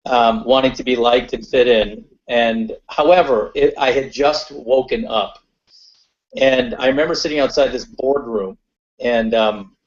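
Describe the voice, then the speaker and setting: A mid-pitched male voice tells a personal story on a webinar panel, loose and conversational. He often pauses on fillers and restarts his sentences. The audio is dull and lo-fi, like a compressed webinar stream. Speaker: webinar panelist and corporate consultant.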